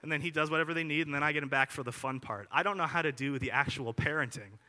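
Young male preacher, fairly high and forceful voice, talky and animated, casual sermon delivery, long hall reverb. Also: fast talker. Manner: animated, chatty, lots of asides and filler words.

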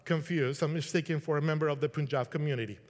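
A man's voice: on the high side, fairly even intonation, fast. A middle-aged man from Colombia, giving a casual, conversational sermon and acting out quotes. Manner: conversational, restarts, acts out quotes. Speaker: preacher. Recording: long hall reverb.

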